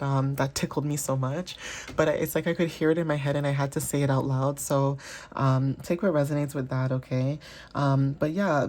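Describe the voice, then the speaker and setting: A woman's voice: deep voice, warm tone. A woman giving a casual, chatty tarot reading, full of fillers and often checking in with her listeners. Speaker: tarot reader.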